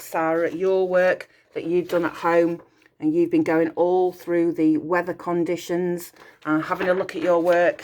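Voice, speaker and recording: A woman teacher leading a school assembly, encouraging and praising pupils' work, slipping in short French phrases. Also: lowish voice. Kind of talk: recorded school assembly address.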